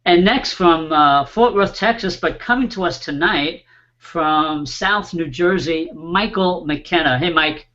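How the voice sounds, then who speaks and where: A man hosting an online panel show, warmly introducing his guests and filling pauses with small "uh"s. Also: fairly high pitch, lo-fi sound. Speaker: host.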